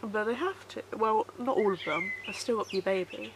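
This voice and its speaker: Sad halting woman vlogging outdoors. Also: mid-range voice, very noisy. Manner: soft, halting and sorrowful, repeating herself to stay calm. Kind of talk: casual personal vlog.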